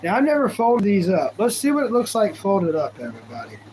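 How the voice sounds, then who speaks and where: High-voiced rambling man streaming live. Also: very animated, a little fast, a little mellow, slight background noise, poor audio. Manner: goofy, rambling, talks to chat. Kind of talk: casual live-stream chat.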